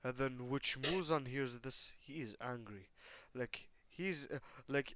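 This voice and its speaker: A man's voice: medium pitch, slow, few pauses, fairly bright tone, no room sound. A man casually narrating a fan-made what-if story, rambling with fillers and swearing.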